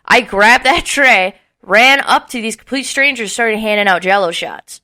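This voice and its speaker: Her voice sits a little high and moves a little slowly as she, a young podcast co-host, recounts a long party tale in relaxed chat. Animated throughout, she swears freely and acts out the things people said.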